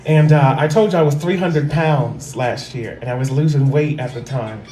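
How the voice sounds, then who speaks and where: A woman hosting a livestream, telling a story in a casual, animated way. She repeats phrases for effect and swears freely. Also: extremely low pitch, normal speed. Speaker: livestream host. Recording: roomy echo.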